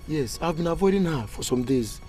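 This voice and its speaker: A man's voice: a little high, expressive, brisk, warm tone, faint music behind, lightly acted. A man playing a stammering, panicky young man. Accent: Nigerian. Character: nervous young man dodging his pregnant girlfriend. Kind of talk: film drama.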